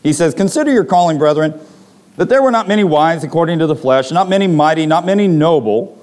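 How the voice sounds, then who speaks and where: A man's voice: a little high, expressive, fast talker, a little mellow. A man preaching a sermon to a congregation, reading scripture and retelling stories with dramatic voiced quotes.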